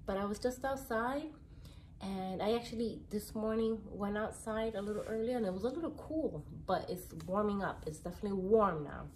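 A mother leading a morning circle at home, patiently asking her child simple questions in a gentle, coaxing way. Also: mid-range voice, expressive, moderate pace, slight background noise. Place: home, partly near sunlight indoors.

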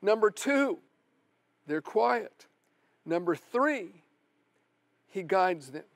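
A middle-aged male pastor preaching a sermon earnestly, with slow, emphatic repetition. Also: high-pitched, big pitch swings, dry recording. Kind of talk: televised sermon.

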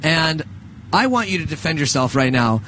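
A man's voice: on the high side, very animated, normal speed, sharp tone, slight background noise. A young man in his twenties co-hosting a radio show, chatting casually in a rambling, joking way, full of restarts and laughter.

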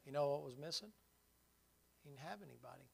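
A man's voice: a little high, animated, fairly quick, vocal fry, darkish tone, slightly rough. A man preaching a sermon in a folksy, vivid storytelling manner.

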